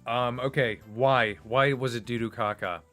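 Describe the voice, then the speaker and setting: A man's voice: mid-range voice, steady tone, moderate pace, bright, forceful tone, soft background music. A man streaming and going off on a casual, profane, emphatic rant. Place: home streaming setup.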